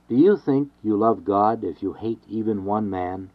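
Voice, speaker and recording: A man giving an earnest, measured reading of a devotional sermon with steady, repeated refrains. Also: lowish voice. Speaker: reader of a devotional text. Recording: dull lo-fi recording.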